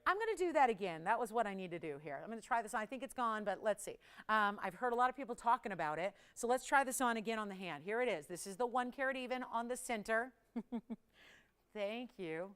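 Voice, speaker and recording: A woman's voice: on the high side, expressive, fast talker, a bit bright, smooth. A woman hosting a live on-air jewelry shopping show, chatty and playful, laughing often and teasing the crew. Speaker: shopping channel host.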